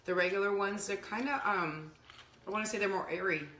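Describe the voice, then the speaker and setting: A woman's voice: medium pitch, brisk, bright, forceful tone, a little hiss or hum. Bubbly chatty woman in an echoey kitchen. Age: middle-aged. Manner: chatty, giggly, talks with mouth full. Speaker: co-host. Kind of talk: casual cooking vlog chat. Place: home kitchen.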